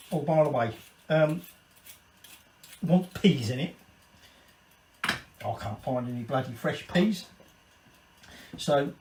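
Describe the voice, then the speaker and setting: A man's voice: a little high, darkish tone. A man hosting a casual cooking video, rambling, swearing and drinking while he cooks. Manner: rambling, swearing, tipsy asides. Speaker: cooking channel host. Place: home kitchen. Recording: echoey room, distant mic, faint kitchen noise. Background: clatter of pots and cutlery.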